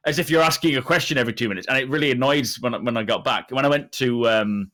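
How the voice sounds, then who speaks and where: A man's voice: medium pitch, a little fast, bright, forceful tone. A man co-hosting a podcast, telling stories in a rambling, self-deprecating way during casual chat.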